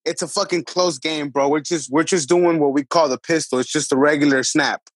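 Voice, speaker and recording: Podcast co-host, animated storyteller, swears a lot, fairly high voice, close dry mic. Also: male voice, a little fast, dry recording. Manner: profane, animated, acts out voices of others. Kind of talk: casual storytelling among friends.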